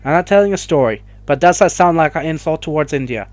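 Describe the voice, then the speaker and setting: A man's voice: a little high, expressive, fast talker, dry recording. A young man ranting emotionally to camera in a vlog, swearing and rambling as he gets worked up. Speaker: vlogger. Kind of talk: heated opinion rant to camera.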